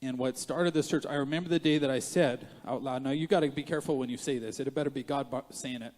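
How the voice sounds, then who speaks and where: A man preaching a sermon as pastor, moving between quiet asides and loud emphatic rises, with joking self-mocking moments. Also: medium pitch, steady tone, fast, in a large hall. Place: church sanctuary.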